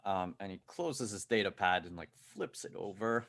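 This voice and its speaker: A man's voice: sits low, animated, moderate pace, creaky, few pauses, a bit bright. A man running a tabletop game as game master, narrating casually with fillers.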